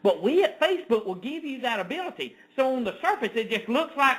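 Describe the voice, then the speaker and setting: A man ranting as an online news commentator, reading an article aloud with indignant, sarcastic outbursts that swing from loud to low. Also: big pitch swings, fairly quick, few pauses, low-quality recording.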